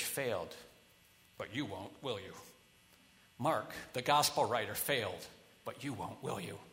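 A man preaching a sermon as pastor, talking casually, with quiet asides and loud rallying builds. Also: a little high. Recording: long hall reverb.

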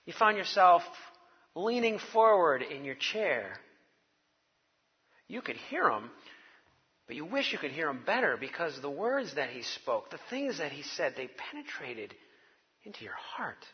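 A man's voice: on the high side, big pitch swings, measured pace, pauses often, husky, long reverb tail, muffled recording. A man preaching a sermon to his congregation, telling it like a wry, conversational story. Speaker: pastor.

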